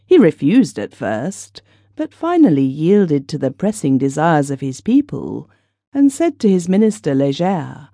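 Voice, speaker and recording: A woman narrating a children's fairy tale audiobook with clear, expressive storytelling. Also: sits low, measured pace, no room sound, studio quality.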